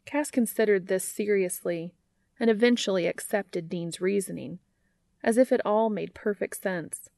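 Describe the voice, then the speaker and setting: Gravelly woman reading fan fiction. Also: mid-range voice, normal speed, warm tone, no room sound, studio quality. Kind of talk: read-aloud fan fiction narration.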